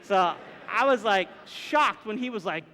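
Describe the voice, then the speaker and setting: High, bright man telling a story in a hall. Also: unhurried, slight background noise. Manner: animated, acts out quoted voices and sounds. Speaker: minister telling a personal story. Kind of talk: live storytelling to an audience. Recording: long hall reverb.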